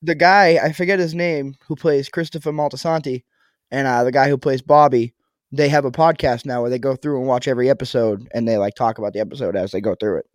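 A man's voice: mid-range voice, steady tone, fast talker, no room sound, clean studio sound. A man co-hosting a casual podcast, who swears a lot and laughs often as he chats. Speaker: podcast co-host. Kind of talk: casual chat.

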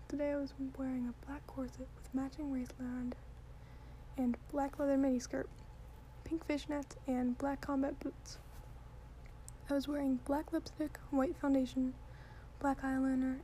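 A woman reading a story in a soft, deadpan whisper, in a whispered ASMR reading style. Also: sits high, a little hiss or hum.

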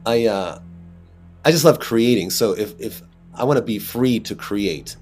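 Animated low-voiced man telling stories. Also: measured pace, faint music behind. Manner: animated storyteller, laughs often. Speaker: actor guest. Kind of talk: casual interview chat.

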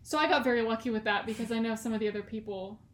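A woman's voice: fairly high pitch, very fast. Chatty young woman in an echoey room. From California. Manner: chatty and rambling, many "like" fillers, laughs often. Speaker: podcast co-host. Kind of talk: casual chat.

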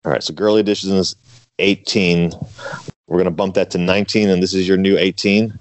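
A man's voice: low-pitched, brisk, no room sound, rough recording. A man co-hosting a podcast, chatting casually and steering the segments. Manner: relaxed, leads the segments. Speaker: podcast co-host. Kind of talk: casual chat.

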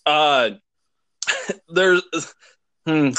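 A man's voice: fairly high pitch, drawn-out words, fairly bright tone, clean tone, no echo. A man co-hosting a podcast, chatting casually with enthusiasm, rambling with lots of fillers and swearing. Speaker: podcast co-host. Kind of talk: casual chat.

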